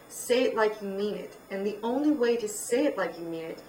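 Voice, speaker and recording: A woman's voice: medium pitch, expressive, brisk, few pauses, dark tone, a little hiss or hum. A woman giving public speaking feedback in an instructive tone, showing how to deliver lines. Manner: instructive, demonstrates delivery by example. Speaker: presentation coach. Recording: echoey room, voice from far off.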